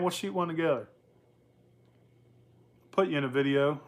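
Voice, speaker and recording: A man's voice: a little high, moderate pace, pauses often. A young man hosting his moonshine-making vlog, talking loosely with lots of swearing and laughter. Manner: profane, rambling, laughs often. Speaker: moonshine channel host. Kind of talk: casual workshop vlog.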